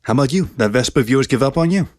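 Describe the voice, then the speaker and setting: A man's voice: mid-range voice, lively intonation, rapid-fire, darkish tone, no room sound, studio quality, voice pushed up, close to an everyday voice. A man voicing a cocky, laid-back male dog who talks in a lazy drawl. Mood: easygoing.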